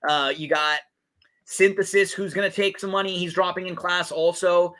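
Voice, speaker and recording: A man's voice: sits high, fairly even intonation, normal speed, pushed and bright. A man co-hosting a podcast, chatting casually about race and game picks with lots of fillers and restarts. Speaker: podcast co-host. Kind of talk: casual betting talk. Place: podcast setup.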